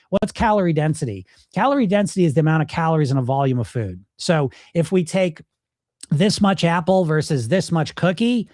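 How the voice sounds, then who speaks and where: A man's voice: a little high, darkish tone, no room sound, studio quality. A middle-aged man coaching viewers on weight loss in a casual live Q&A, blunt and emphatic, swearing freely.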